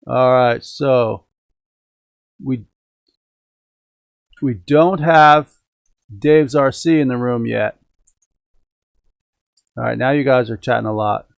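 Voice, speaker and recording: A man's voice: mid-range voice, slow, creaky, pauses often, dry recording. A middle-aged man hosting a hobby live stream from home, chatting casually and upbeat with viewers and the chat. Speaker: host of a radio-control hobby live stream. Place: home indoors.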